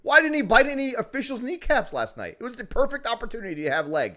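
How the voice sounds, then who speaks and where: A man's voice: very high-pitched, quick pace. Guy hyping his team's score pick, swears a lot, laughs easy. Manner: excitable, profane, laughs often. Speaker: podcast co-host. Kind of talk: casual sports chat.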